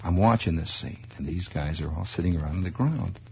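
His voice is low and slightly rough, with vocal fry, and he talks fairly quickly. The man spins a wry, rambling comic monologue full of digressions in a conversational radio manner, captured on a dull, lo-fi old radio recording.

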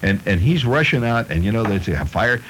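A man's voice: fairly low pitch, animated, fairly quick, slight background noise, low-quality recording. A middle-aged man hosting a radio show, reading odd news stories aloud and spinning them into playful comic tales. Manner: playful storytelling with chuckles. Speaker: radio host.

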